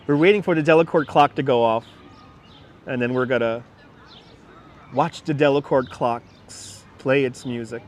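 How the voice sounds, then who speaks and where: A man's voice: medium pitch, measured pace, pauses often. A man hosting a casual outdoor livestream from a city park, chatting in a rambling way and reading viewer comments aloud. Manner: chatty and rambling, with frequent laughs and restarts. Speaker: livestream host. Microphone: wireless clip-on mic. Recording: faint outdoor background noise. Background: faint city park ambience with birds.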